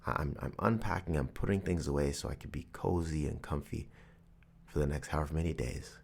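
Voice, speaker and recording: Deep-voiced man giving a motivational talk. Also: fairly quick, gravelly, husky. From Canada. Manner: storytelling, earnest and reflective. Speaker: podcast host. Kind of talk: motivational monologue.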